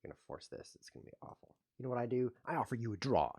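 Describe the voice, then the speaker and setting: A man hosting his own show, commentating his chess games with playful mock-outrage, muttering one moment and loudly protesting the next. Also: medium pitch, expressive, very fast, breathy edge. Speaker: host. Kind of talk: live chess game commentary.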